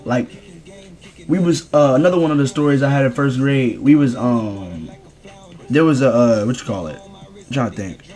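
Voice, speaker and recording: A young man rambling through a casual storytime vlog in slangy, animated speech. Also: medium pitch, normal speed, pauses often. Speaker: streamer telling a story.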